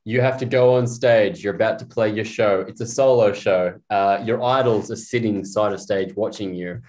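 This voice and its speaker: A man's voice: lowish voice, steady tone, normal speed, a little mellow. Joking man hosting a chat. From Australia. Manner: joking, laughs while asking playful hypotheticals. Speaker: podcast co-host. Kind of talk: casual interview chat.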